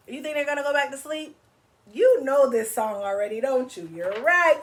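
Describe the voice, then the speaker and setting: A woman's voice: high-pitched, lively intonation, normal speed, fairly bright tone. A woman hosting a children's read-aloud, singing, asking questions and coaxing kids to move along with her. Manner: playful, coaxing, asks kids to join in. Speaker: children's story time host.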